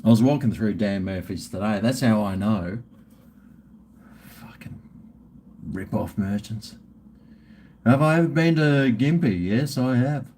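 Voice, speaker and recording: A man's voice: on the low side, a little slow, pauses often, darkish tone, a little hiss or hum. A middle-aged Australian man hosting a live stream, rambling and swearing in casual banter with his viewers.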